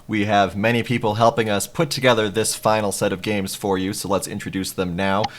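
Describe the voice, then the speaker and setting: Lower-voiced esports caster, announcer energy. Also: male voice, fairly quick. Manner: energetic announcer, introducing the crew. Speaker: play-by-play caster. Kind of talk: esports broadcast opener.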